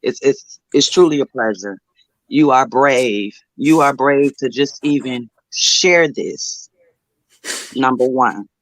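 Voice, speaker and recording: A middle-aged woman with an unusually low voice calls in to offer advice. She sounds motherly and encouraging, using affectionate pet names, and her voice comes through dry and close. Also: slow, no echo, low-quality recording. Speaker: caller giving advice. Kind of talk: supportive call-in chat.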